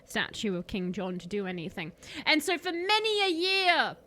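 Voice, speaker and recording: A woman's voice: a little high, very animated, moderate pace, bright, forceful tone. A woman streamer improvising a comic story, rambling and correcting herself as she goes.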